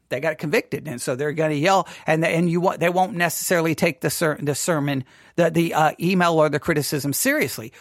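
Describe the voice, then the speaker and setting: A man with a high voice gives casual commentary on a sermon, rambling and restarting as he mimics pastors. His recording is dry and close, with no room sound. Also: fairly bright tone, no echo.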